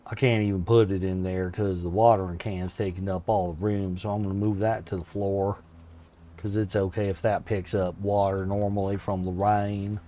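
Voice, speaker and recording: A man casually commenting while playing a survival game, chatting with friends and often breaking into laughter and high excited yelps. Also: moderate pace, a little hiss or hum. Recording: faint game music behind.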